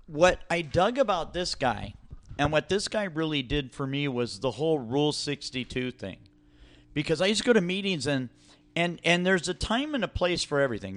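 A man's voice: a little high, a bit bright. A man telling a story in casual chat, loose and profane.

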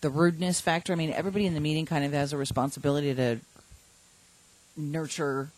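A woman co-hosting a casual talk show, telling stories with lively exclamations. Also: deep voice, fast, rough recording. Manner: lively storyteller, animated exclamations. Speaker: podcast co-host. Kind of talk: casual chat.

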